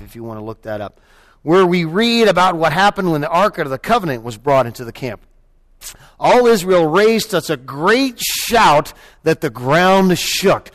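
A male pastor preaching a sermon in a conversational way, often restarting and saying "you know", swinging from loud cheering bursts to quiet reflective stretches. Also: fairly high pitch.

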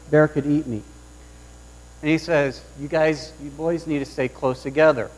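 A man preaching a sermon, opening with a lively personal story and acting out the voices of the people in it. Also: on the high side, low-quality recording. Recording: mains hum underneath.

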